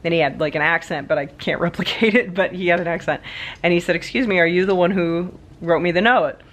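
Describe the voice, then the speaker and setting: A woman vlogger tells a story casually to her viewers, her voice sitting a little low. She talks in a chatty, animated way, with frequent laughs and asides. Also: fast.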